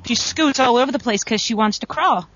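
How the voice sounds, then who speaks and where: A woman in her thirties, a wrestler, telling stories in a chatty, animated way as an interview guest. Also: fairly high pitch, brisk, a little hiss or hum. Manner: chatty, animated, lots of "like" fillers. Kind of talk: casual storytelling over a call. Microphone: phone. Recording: dull lo-fi phone-line audio.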